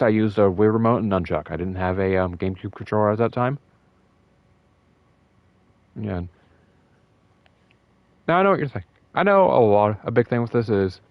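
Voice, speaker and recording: A young man talking in a casual, rambling way about a fighting game, emotional and excited, with many fillers and restarts. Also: low-pitched, no room sound, highs cut off. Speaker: gaming video host.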